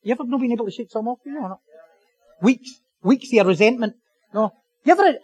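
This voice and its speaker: A man preaching a sermon as pastor, animated and joking, repeating phrases for emphasis. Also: very high voice, fast, long pauses, husky, low-quality recording.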